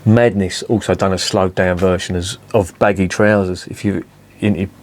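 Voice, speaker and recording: A man's voice: sits low, level tone, normal speed, over loud music. A man in his fifties reviewing beer in a casual, rambling, sweary chat full of digressions.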